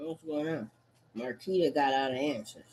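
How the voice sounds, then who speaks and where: A woman in a rambling, profane rant, repeating curses and jumping between loud outbursts and low mutters. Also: moderate pace. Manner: erratic, repetitive, swearing constantly, swinging between shouts and mutters. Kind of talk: profane stream-of-consciousness rant.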